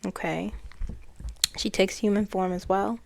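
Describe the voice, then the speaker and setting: A woman who reads cards and channels spirits, talking in a slow, hesitant way as she recounts messages. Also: mid-range voice, steady tone, gravelly, darkish tone. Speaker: spiritual channeler and card reader. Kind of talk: casual spiritual chat.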